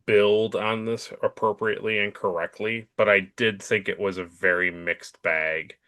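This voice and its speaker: A man co-hosting a casual podcast chat, retelling scenes quickly and with animation. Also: on the low side, steady tone, bright, forceful tone, no echo, studio quality. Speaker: podcast co-host.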